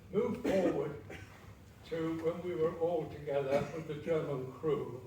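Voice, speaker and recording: A man's voice: fairly high pitch, fairly even intonation, normal speed. A man in his nineties giving a public talk in a theatre hall and telling anecdotes with quoted dialogue. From England. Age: 90s. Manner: chatty storytelling with quoted dialogue. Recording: echoey hall, distant mic, noisy.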